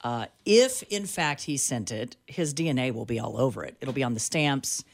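A woman's voice: a bass voice, lively intonation, normal speed, no echo. Chatty female radio co-host. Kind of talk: talk radio chat and live read ads.

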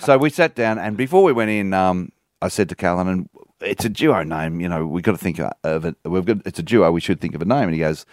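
A man's voice: deep voice, fairly quick, no echo, studio quality. A man, a comedian telling a wry anecdote in casual chat. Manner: storytelling, wry.

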